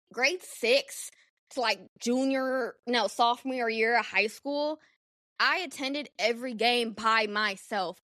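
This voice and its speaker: A young adult woman hosting a solo podcast, telling a personal story in a candid, animated, profane way. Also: on the high side, no room sound, studio quality. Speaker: podcast host.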